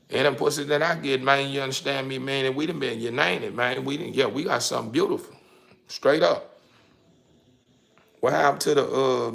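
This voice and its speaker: A vlogger in a casual monologue gets heated and preachy with his audience, cursing freely and tripping over repeated words. His medium-pitched voice is gravelly, pushed and bright.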